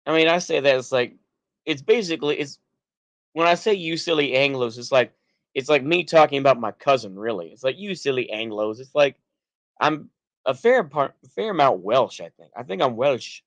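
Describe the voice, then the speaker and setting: Texan dude streaming kinda drunk, average pitch, rambly, dry close mic sound, keeps trailing off and restarting. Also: male voice, expressive, normal speed, dry recording. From United States. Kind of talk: rambling livestream talk reacting to chat.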